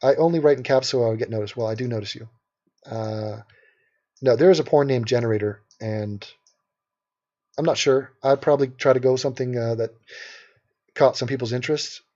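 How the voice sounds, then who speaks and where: A man's voice: mid-range voice, fairly quick, long pauses, darkish tone. A man from Los Angeles hosting a casual livestream, brash and sarcastic as he reads out and answers questions from the chat. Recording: dull lo-fi stream audio.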